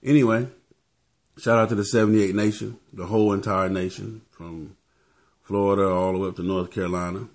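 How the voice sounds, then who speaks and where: A man's voice: lowish voice, little pitch movement, fairly quick, darkish tone. A man giving casual motivational talk as a vlogger, laid-back and tacking "man" onto his phrases.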